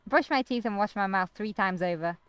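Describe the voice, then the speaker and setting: A woman's voice: medium pitch, a little fast, slight background noise, lightly acted. A woman reading the part of a troubled young man with lost memories, hesitant and uneasy as she narrates in his first person. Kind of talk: reading a visual novel aloud.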